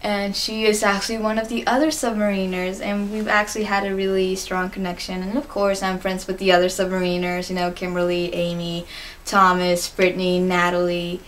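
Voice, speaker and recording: A woman's voice: mid-range voice, monotone, brisk, slight background noise. Chatty teenage girl gushing on a vlog. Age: teens. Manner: chatty, giggly, gushing, many fillers. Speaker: fan answering interview questions. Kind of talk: casual vlog monologue.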